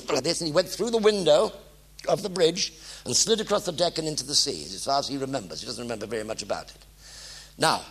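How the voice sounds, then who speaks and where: A man's voice: medium pitch, slightly rough. Older man telling war stories. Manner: animated anecdotal delivery, voice swings from hushed to loud. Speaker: war veteran speaker. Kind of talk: storytelling talk to an audience. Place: theatre stage.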